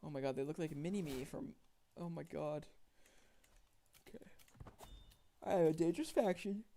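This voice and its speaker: A man's voice: on the high side, moderate pace, creaky, mellow, a little hiss or hum. A young man streaming a strategy game, chatting to his viewers, thinking aloud and getting easily exasperated. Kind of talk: casual gameplay commentary to chat.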